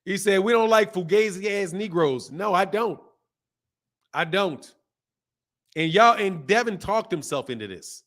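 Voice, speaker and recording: A man hosting a boxing live stream, reading viewer comments and ranting in animated, slangy talk. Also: sits high, unhurried, pauses often. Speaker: boxing channel host.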